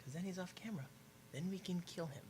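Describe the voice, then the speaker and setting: A man's voice: high voice, fast, a little mellow, slight background noise. A man playing in a tabletop game, talking casually, often stammering and hesitating. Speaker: player.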